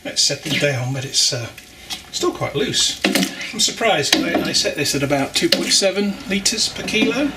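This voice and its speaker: Home brewer, chatty how-to, loud clattery noise behind. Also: male voice, a little high, animated, moderate pace. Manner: chatty, explaining as he works, wry asides. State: exerting while stirring. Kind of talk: casual how-to vlog narration. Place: home brewing setup.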